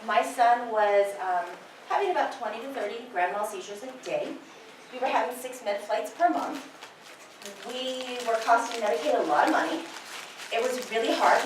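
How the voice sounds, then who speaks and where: Speaking in a large lecture hall, a middle-aged nurse delivers an impassioned, personal lecture to nurses as their educator. Her fairly high voice is picked up from a distance amid heavy echo, with a faint hiss or hum.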